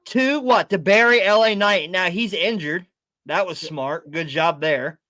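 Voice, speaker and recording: A man co-hosting a live wrestling podcast, excitable and profane, often stumbling and repeating his words. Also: sits high, unhurried, no room sound. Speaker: podcast co-host. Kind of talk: casual wrestling chat.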